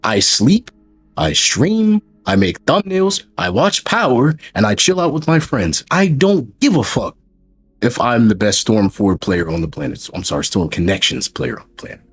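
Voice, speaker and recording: A man's voice: mid-range voice, very animated, normal speed, slightly rough. A male streamer in casual chat, emphatic and profane, hammering his point with repeated rhetorical questions. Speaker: streamer and host.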